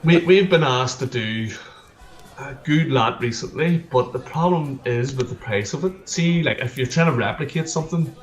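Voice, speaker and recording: A man's voice: mid-range voice, moderate pace. A man with a Northern Irish accent, a plasterer chatting as a guest, telling stories and repeating words as he goes. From Northern Ireland. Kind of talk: casual interview chat. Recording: echoey room.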